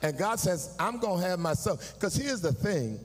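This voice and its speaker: Man preaching, fairly high voice, sung shouted peaks, long church reverb. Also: big pitch swings, moderate pace, breathy edge, soft background music. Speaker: pastor. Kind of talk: sermon. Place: church sanctuary.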